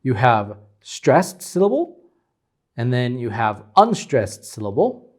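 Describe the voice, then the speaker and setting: Young male instructor, unhurried and explanatory, mid-pitched, filler-heavy lecture delivery. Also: big pitch swings. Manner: slow, explanatory, with frequent ums and pointing. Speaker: teacher. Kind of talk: phonetics lecture at a board.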